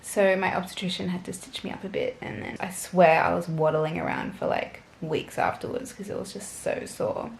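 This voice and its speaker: A woman's voice: fairly low pitch, steady tone, moderate pace, gravelly, few pauses, echoey room, a little hiss or hum. A young woman vlogger telling a personal story to camera in a chatty, gushing way, full of fillers.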